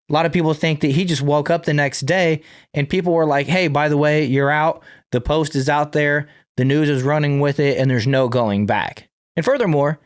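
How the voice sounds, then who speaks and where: A man's voice: a little high, no room sound, studio quality. Sarcastic man reacting to a clip. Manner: sarcastic, pointed. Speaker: commentary channel host. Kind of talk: reaction commentary.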